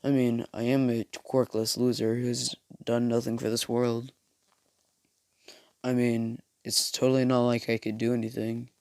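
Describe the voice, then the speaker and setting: A man doing a gentle, downcast schoolboy. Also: medium pitch, flat delivery, a little slow, clean tone, no echo, close to an everyday voice. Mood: resigned.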